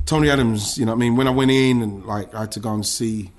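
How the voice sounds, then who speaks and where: A man's voice: medium pitch, fairly even intonation, fast. A man, a former footballer, recounting his career in an emotional podcast interview, with many restarts and some swearing.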